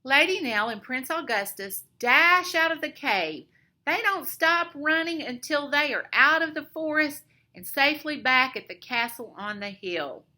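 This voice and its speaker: Drawing every line out slowly for young children, a woman elementary school teacher reads a picture book in expressive storytime narration. Her voice is high and bright, with a very animated rise and fall, and she never rushes.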